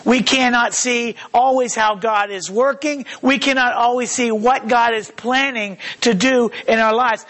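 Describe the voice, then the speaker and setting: High-voiced pastor with halting delivery. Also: male voice, a bit bright. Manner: halting, many fillers, slows for scripture reading. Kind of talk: sermon.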